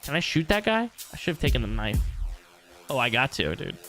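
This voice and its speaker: A man streaming a video game live, talking to his chat with loud excited outbursts and lots of swearing. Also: mid-range voice, brisk, over loud music. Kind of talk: live gameplay commentary.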